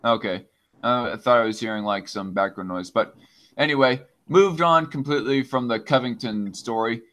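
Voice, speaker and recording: A man hosts a casual podcast and reads chat comments out loud in a medium-pitched, slightly bright voice at a moderate pace. His delivery is hesitant, with lots of fillers and restarts.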